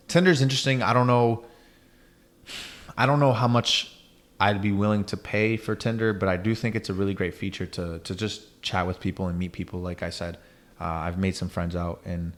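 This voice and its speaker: Very deep-voiced young man chatting casually. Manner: loose and chatty, peppered with "you know what I'm saying". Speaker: podcast host. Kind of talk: casual chat.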